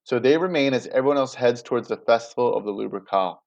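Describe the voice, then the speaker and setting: A man's voice: mid-range voice, fast, creaky, a little mellow, dull audio. A man teaching a class in a casual, chatty way, often checking in with his students. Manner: chatty, checks in with "right?" and "you guys".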